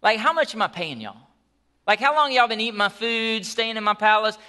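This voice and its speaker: A man's voice: high voice, lively intonation, brisk, sharp tone, voice pushed up, heavily acted. A man putting on an impatient ancient king who is exasperated and talks in slang. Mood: suspicious.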